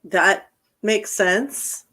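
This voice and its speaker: A woman's voice: mid-range voice, drawn-out words, sharp tone. A woman hosting an interview, giving brief reactions and asking direct questions. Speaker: host.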